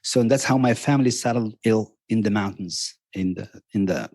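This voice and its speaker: A man's voice: fairly low pitch, fairly quick, darkish tone, no echo. A middle-aged man from Morocco with a Moroccan accent, chatting on a podcast as a travel guest, eager and rambling with many restarts. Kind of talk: casual podcast chat. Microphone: podcast microphone.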